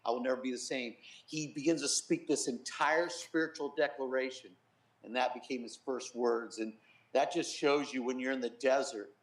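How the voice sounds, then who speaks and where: A middle-aged man speaks in an earnest, storytelling way, his voice sitting at an ordinary pitch for a man. He often drops softer when he quotes others. The sound is roomy, as if recorded in a reverberant studio. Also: fairly even intonation, moderate pace. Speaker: pastor and guest. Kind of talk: personal testimony in a TV interview.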